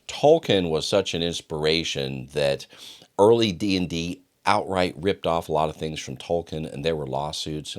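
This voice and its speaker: A man hosting a solo podcast, talking casually and enthusiastically, rambling with fillers and restarts. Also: extremely low pitch. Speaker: podcast host.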